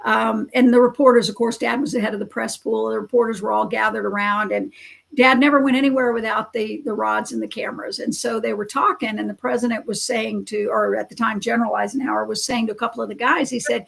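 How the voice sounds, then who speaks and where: A woman telling family stories in a relaxed chat, animated and acting out the people she quotes. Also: on the high side, fast talker, vocal fry. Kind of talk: casual storytelling.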